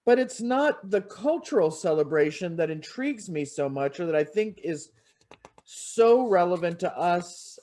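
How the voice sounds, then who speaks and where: A minister delivering a sermon in an expressive, storytelling way. The voice sits in a middle pitch range. The manner is that of a pulpit address. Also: unhurried.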